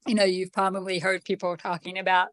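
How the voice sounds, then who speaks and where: A woman's voice: lowish voice, little pitch movement, fast talker, dry recording. A woman with a deaf accent, where some sounds come out a little different, chatting casually as an interview guest with lots of ums and self-deprecating humor. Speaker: guest author.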